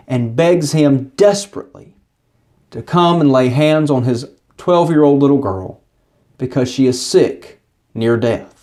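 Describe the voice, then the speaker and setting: A man's voice: a little high, warm tone. A man narrating a Bible passage as a short lesson, retelling the story earnestly and briefly voicing the people in it. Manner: earnest storytelling, acting out quoted speech. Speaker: Bible teacher. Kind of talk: scripted Bible study narration.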